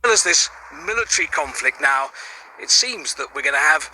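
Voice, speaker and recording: A man's voice: fairly high pitch, animated, normal speed, sharp tone, a little hiss or hum, rough recording. A male news editor reporting seriously and analytically for broadcast news.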